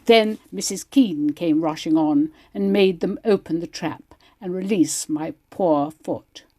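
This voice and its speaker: A woman, an amateur actor, giving a lively dramatic reading of a first-person stage memoir. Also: on the low side, measured pace. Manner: lively, animated storytelling. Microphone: home recording.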